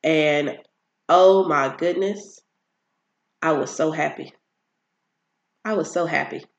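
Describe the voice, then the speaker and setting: A person casually recapping a TV series on their own channel, animated and exasperated, with emphatic asides and quick impressions of the characters. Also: medium pitch, gravelly, lo-fi sound. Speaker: TV show recapper.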